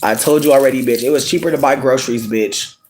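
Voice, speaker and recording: A live streamer ranting to viewers in a loose, theatrical way, peppering every line with swearing and pet names like sweetie. The pitch leaps into squeals and then drops back, with words stretched out for effect. A faint hiss of noise sits under the voice. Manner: dramatic, expressive, swears often, calls viewers sweetie; big swings in pitch, sudden squeals and drawn-out words. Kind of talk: casual live-stream rant.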